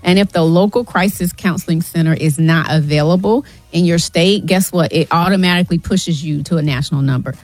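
A woman's voice: lowish voice, brisk, hardly any pauses, a little mellow, no echo. Earnest woman guest, dry studio mic. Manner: earnest, urgent, repeats "y'all". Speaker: guest, nonprofit founder. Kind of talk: emotional radio interview.

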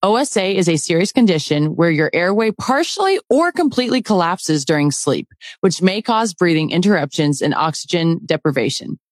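A woman with a fairly low voice reads a health announcement in a calm, informative tone. The recording is dry and close. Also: normal speed, no echo. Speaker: commercial announcer. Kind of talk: scripted health ad narration.

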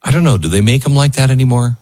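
Speaking fast with a medium pitch and a darkish tone, a man hosts a talk show in a casual, emotional manner, heavy on fillers and restarts. The studio recording is clean, with no room sound.

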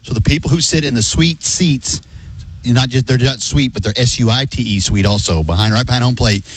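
A man's voice: mid-range voice, fairly quick, breathy edge, poor audio. A man co-hosting a sports radio show, easygoing and explanatory. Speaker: radio co-host. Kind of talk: casual sports radio chat.

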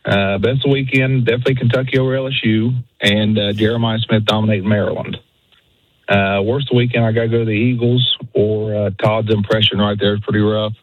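A man's voice: lowish voice, little pitch movement, fairly quick, no echo. A man calling in to a sports radio show, talking with a lot of hesitant fillers. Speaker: caller. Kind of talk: call-in radio. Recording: dull phone line.

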